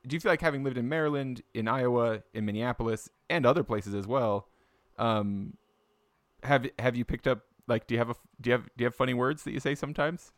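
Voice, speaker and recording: A man's voice: medium pitch, fairly quick, no echo. A man from Utah hosting a podcast, asking curious questions in an easygoing, conversational way. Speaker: podcast host. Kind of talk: casual interview chat.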